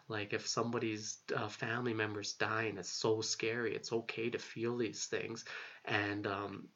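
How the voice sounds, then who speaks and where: A man's voice: lowish voice, little pitch movement, moderate pace, vocal fry, a bit bright. A young man telling a personal story in a rambling, casual way, full of fillers and casual swearing. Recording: dull lo-fi recording.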